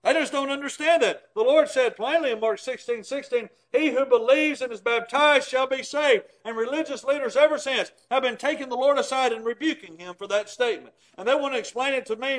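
A man preaching a sermon in a folksy way, with loud emphatic bursts, low quiet asides and chuckles at his own points. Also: a little fast, poor audio.

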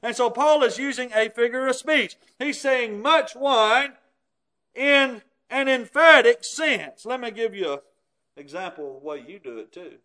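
Preacher, male, very high voice, emphatic teaching sermon delivery. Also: a little slow, pushed and bright. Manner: emphatic, explains scripture with everyday examples.

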